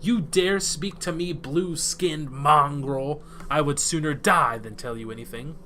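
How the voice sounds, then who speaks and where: Snooty captured elf spy sneering at his captors , guy reading him out, bright voice. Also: a little high, a little slow, a little hiss or hum. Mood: scornful. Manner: haughty, contemptuous.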